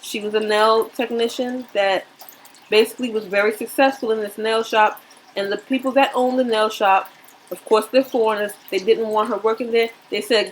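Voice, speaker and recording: A woman's voice: a little high, fairly even intonation, moderate pace, slight background noise, poor audio. A woman vlogger talking to her viewers in an earnest, preachy way, often repeating her point. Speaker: commentary vlogger. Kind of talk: casual commentary to viewers.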